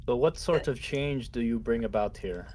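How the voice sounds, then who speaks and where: A man's voice: mid-range voice, lively intonation, normal speed, a little mellow. A man playing a tabletop role-playing game, asking questions in a courteous, formal manner. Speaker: player. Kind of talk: in-character tabletop role-play.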